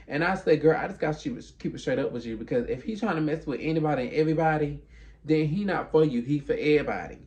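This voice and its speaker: Man, higher pitch, gravelly edge; sassy casual storyteller who acts out both sides of talks. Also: fast, darkish tone.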